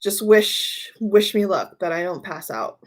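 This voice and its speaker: A woman's voice: medium pitch, expressive, a little slow. A woman hosting a tarot livestream, chatting casually and telling stories in a rambling way, often repeating herself. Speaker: tarot reader and livestream host.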